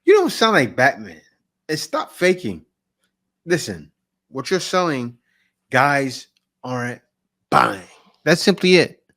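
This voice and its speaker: A man's voice: mid-range voice, wildly swooping pitch, takes it slowly, pauses often, a bit bright. Blunt man commenting on clips. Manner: blunt, dismissive. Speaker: reaction video host.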